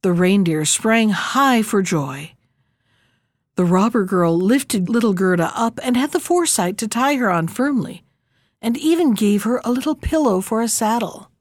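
A woman narrating a fairy tale in a lively, expressive storybook reading. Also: mid-range voice, normal speed, no room sound, clean studio sound.

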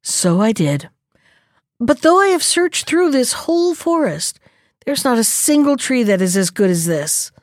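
A woman voicing a sly, scheming male fox in a storybook reading, speaking in a smooth, falsely polite way. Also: a little high, sing-song, measured pace, no echo, studio quality, voice pushed up.

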